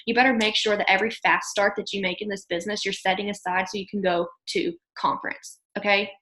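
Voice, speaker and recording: A woman's voice: mid-range voice, a bit bright, roomy sound, low-quality recording. A young woman coaching her business team on a video call, emphatic and gushing, full of "like" and "okay". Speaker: team leader coaching distributors. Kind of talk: motivational video call talk.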